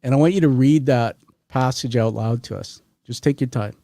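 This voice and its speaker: A middle-aged man hosting a podcast interview, talking in an energetic, rambling way and turning to address his listeners directly. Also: mid-range voice, moderate pace, no room sound. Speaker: podcast host. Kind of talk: conversational interview.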